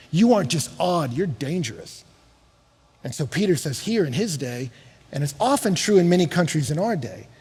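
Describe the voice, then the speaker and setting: A middle-aged man preaching a sermon as a pastor, animated, swinging from quiet asides to shouts. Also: on the high side, breathy edge. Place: large church hall. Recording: long hall reverb.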